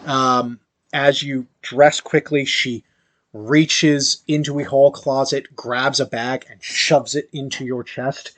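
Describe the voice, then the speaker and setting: A man narrating a tabletop game as game master, in slow, halting speech with fillers. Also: medium pitch, level tone, fairly bright tone, dry recording.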